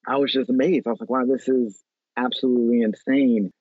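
A man from Chicago in his thirties, a photographer telling animated stories with lots of fillers in a casual interview. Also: mid-range voice, fairly quick, no room sound. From Chicago, USA. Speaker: photographer guest. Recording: tinny phone-like line, dry.

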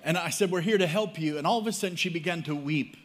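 Male preacher, slightly high voice, joking storyteller, pausing line by line. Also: a bit bright. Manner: humorous storytelling, pauses for interpreter. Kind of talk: sermon with live interpretation.

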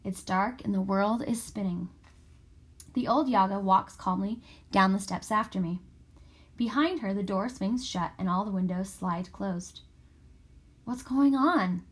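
A woman reading a first-person story aloud in a steady, expressive way. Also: medium pitch, measured pace, breathy edge. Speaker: audiobook narrator. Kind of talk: scripted first-person narration.

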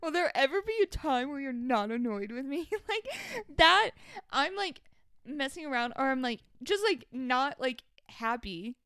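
A woman's voice: high-pitched, animated, a little slow, fairly bright tone, no echo, studio quality. A woman co-hosting a podcast in casual chat, teasing, exasperated and laughing often. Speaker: podcast co-host.

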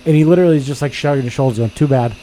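A man with a mellow, darker voice tells a profanity-laced story into a studio microphone, venting and quoting both sides of the exchange. He talks in a loose podcast chat. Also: a little high, rapid-fire, a little hiss or hum. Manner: profane, exasperated storytelling with quoted dialogue. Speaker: podcast host. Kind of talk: casual chat.

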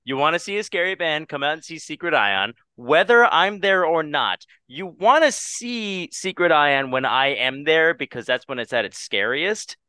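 A man's voice: on the high side, animated, normal speed, hardly any pauses, sharp tone, smooth, dry recording, studio quality. A man hosting a casual podcast chat over a video call, playful and jokey, often stammering and restarting. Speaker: podcast host and musician.

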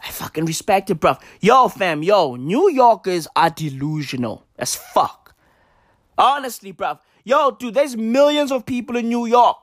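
A man's voice: sits high, very animated, measured pace, a bit bright, no room sound, studio quality. A young man delivering a profane comedic rant, emphatic and slangy, repeating his points over and over. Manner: repetitive, emphatic, slangy, swearing. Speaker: comedic commentator.

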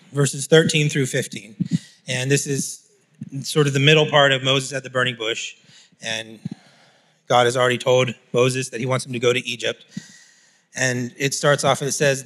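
A man preaching a sermon in a relaxed, explanatory teaching style, reading scripture aloud and unpacking it. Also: medium pitch, moderate pace. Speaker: pastor.

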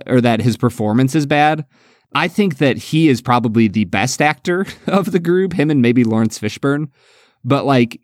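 A man's voice: mid-range voice, no echo, clean studio sound. A man co-hosting a podcast, gushing casually about a film, laughing often and saying "like" a lot. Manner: enthusiastic, laughs often, uses fillers like "like" and "dude". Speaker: podcast co-host.

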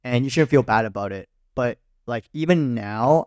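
A man's voice: medium pitch, normal speed, a little mellow, no room sound, studio quality. A man co-hosting a casual podcast, reflective and jokey, often chiming in. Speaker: podcast co-host. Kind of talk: casual chat.

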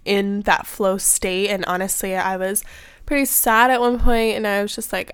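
A young woman hosts a self-development podcast in soft, unhurried casual talk, drifting through her thoughts with fillers. Her voice sounds a little stuffy from a recent illness, yet comes through smooth and clear. The sound is close and dry, with no room around it. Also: mid-range voice, fairly even intonation, dry recording. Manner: soft-spoken, meandering, with fillers.

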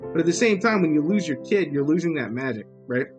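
A man's voice: on the high side, expressive, fast talker, over music. Rambling, crude man chatting on a podcast. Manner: rambling, crude, self-mocking humor. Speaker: podcast host. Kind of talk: casual drunken podcast chat.

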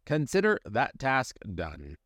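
The speaker, a man doing a calm spaceship AI. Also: medium pitch, slow, no room sound, studio quality, voice pushed up, heavily acted. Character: calm helpful male spaceship AI.

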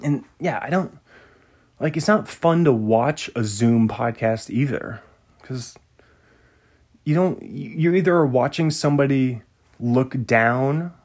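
Laid-back guy podcasting, slow rambling talk, trails off a lot. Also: medium pitch, darkish tone. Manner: rambling, musing, trails off mid-sentence. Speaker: podcast host. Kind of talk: casual chat.

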